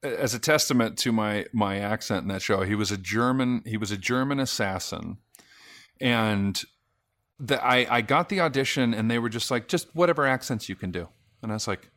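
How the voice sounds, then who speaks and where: A man's voice: on the low side, normal speed. A man from Sacramento, an actor guest on a podcast, telling stories animatedly with many restarts. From Sacramento, California. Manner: animated storyteller, frequent restarts, does voices. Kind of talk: casual podcast interview.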